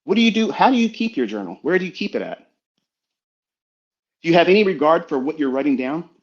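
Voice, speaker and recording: A man's voice: fairly high pitch, very animated, a little fast. A middle-aged man giving a blunt, profane motivational lecture full of rhetorical questions, on a dull recording. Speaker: trading mentor. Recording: dull lo-fi sound.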